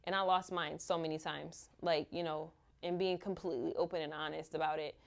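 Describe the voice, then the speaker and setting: Woman, lower voice, mother recounting hard times, candid and halting. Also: steady tone, vocal fry. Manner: halting, open, full of "like" and "you know". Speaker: mother sharing her experience. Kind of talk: candid personal storytelling.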